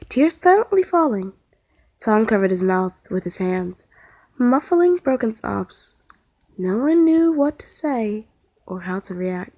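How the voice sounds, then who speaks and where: Woman, narrator, fan fiction reading, earnest, medium pitch, dry close sound. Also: darkish tone, no room sound. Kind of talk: fan fiction read-aloud.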